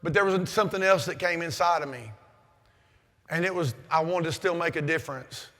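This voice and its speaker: Loud, forceful man in an echoing hall. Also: on the high side, a little fast. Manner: loud, forceful, self-described aggressive and over the top. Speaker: conference keynote speaker. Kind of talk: motivational conference speech. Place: large conference hall. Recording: long hall reverb.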